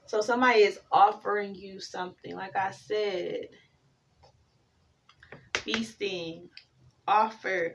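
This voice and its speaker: A woman giving a casual tarot reading, talking, swearing freely and drifting into animated stories. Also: medium pitch, recorded from a distance, highs cut off, a little hiss or hum. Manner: profane, rambling, animated storytelling. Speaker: tarot reader.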